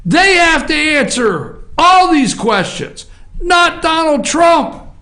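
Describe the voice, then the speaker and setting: A man with a notably high voice delivers a fired-up political opinion monologue as a talk show host. He hammers his points with emphatic, repeated refrains. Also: big pitch swings, takes it slowly, pushed and bright.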